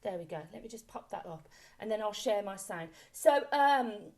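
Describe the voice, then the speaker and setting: A woman leading an online choir warm-up from home over a video call, chatty and encouraging, coaxing the group along with repeated praise. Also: mid-range voice, expressive, moderate pace. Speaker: choir leader. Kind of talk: online singing warm-up class.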